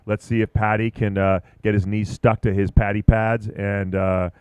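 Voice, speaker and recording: Low-voiced, excitable surf commentator man. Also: normal speed, clear, resonant tone, dry recording. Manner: excitable, chatty, rambling. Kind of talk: live sports commentary.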